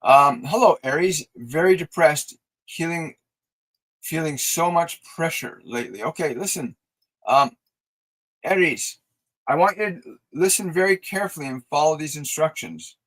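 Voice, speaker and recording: A man with a fairly high voice hosts a live spiritual guidance stream. He speaks in a soft, unhurried, soothing way, leading slow breathing and release exercises, then reads out viewer messages and answers them warmly. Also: poor audio. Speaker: psychic reader and host.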